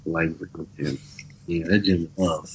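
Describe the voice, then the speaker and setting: A man's voice: low voice, fairly even intonation, normal speed, poor audio. An American man chatting as a podcast guest, laid-back and joking. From United States. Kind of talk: casual chat.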